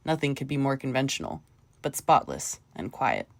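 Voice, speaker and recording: A woman narrating a short story audiobook in a measured, even manner. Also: rumbling low, gravelly, no echo.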